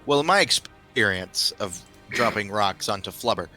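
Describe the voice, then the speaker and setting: A man's voice: fairly low pitch, lively intonation, normal speed, over music. A man playing a tabletop game over a voice call, making dry jokes. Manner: dry, joking. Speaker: player. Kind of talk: casual tabletop game chat. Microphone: voice chat call.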